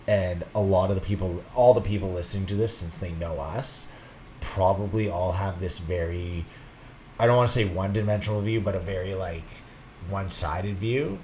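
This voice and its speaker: A man's voice: sits low, normal speed, mellow, slight background noise. A young man co-hosting a casual podcast, rambling and acting out imagined quotes with laughter. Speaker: podcast co-host.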